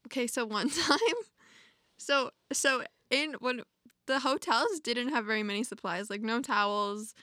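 Bright-voiced young woman. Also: a little high, a little slow. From Canada. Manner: lively storyteller, laughs between phrases. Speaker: podcast co-host. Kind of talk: casual chat.

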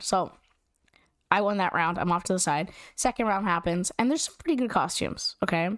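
A young woman telling a story in casual, animated chat, slangy and giggly with lots of "like". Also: mid-range voice, a little fast, no room sound, studio quality.

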